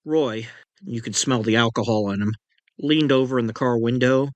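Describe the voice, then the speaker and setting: Male true crime narrator, chatty asides, mid-pitched voice, dry close sound. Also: normal speed, no room sound. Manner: conversational, with personal asides. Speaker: narrator and author.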